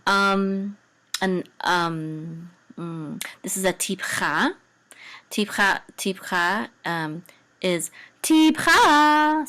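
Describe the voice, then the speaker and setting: A woman teaching a Hebrew reading and chanting lesson in a casual, hesitant way, full of ums and self-corrections, who breaks into a higher, louder chant on the examples.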